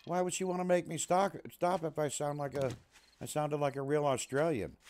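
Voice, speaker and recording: A man's voice: a little high, steady tone, moderate pace, noisy background. A man chatting casually and jokingly to his live-stream viewers while playing a survival game. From USA. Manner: chatty, talks to his chat and his dog, jokey.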